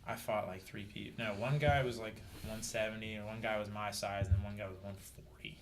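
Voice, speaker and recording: Animated jiu-jitsu guest telling fight stories. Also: male voice, fairly low pitch, fairly quick, a little hiss or hum. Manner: animated storyteller, shouts out quoted coaches. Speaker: podcast guest, jiu-jitsu brown belt. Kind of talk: casual podcast chat.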